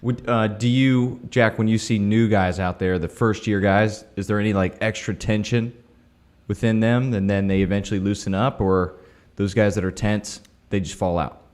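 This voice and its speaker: A man with a fairly low voice co-hosts a podcast. He chimes in with quick, jokey asides. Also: steady tone, a little mellow. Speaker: podcast co-host. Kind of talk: casual podcast chat.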